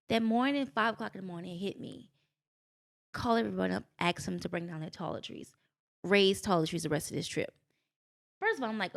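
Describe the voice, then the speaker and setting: A middle-aged businesswoman appears as a podcast guest, sharing personal stories with animation and expression, acting out quotes and speaking about her faith. Her voice sits mid-range and sounds creaky, and she talks briskly.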